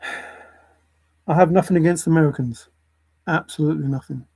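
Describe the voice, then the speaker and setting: A man's voice: fairly high pitch, moderate pace, gravelly, darkish tone, slightly rough, rough recording. A man ranting to camera in a lecturing way, repeating his points for emphasis. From England. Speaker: vlogger. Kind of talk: opinion rant to camera.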